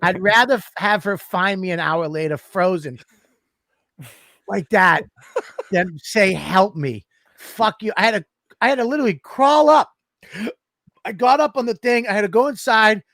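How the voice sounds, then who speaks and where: Profane, animated man telling a story. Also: high voice, moderate pace, long pauses, no room sound. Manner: animated, swearing constantly, acts out scenes. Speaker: podcast co-host.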